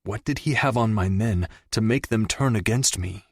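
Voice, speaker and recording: A man narrating a first-person crime story in a measured, dramatic storytelling manner. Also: fairly low pitch, no echo, clean studio sound. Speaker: audiobook narrator.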